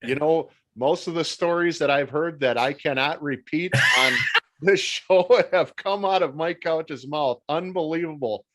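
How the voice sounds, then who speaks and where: A male show host interviewing a guest, laughing along in relaxed chat. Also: a little high, unhurried.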